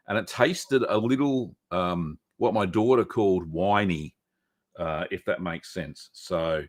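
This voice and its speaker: A middle-aged man hosting a live stream, casually answering viewer questions with lots of ums and uhs in a small echoey room. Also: lowish voice. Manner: relaxed, chatty, many ums and uhs.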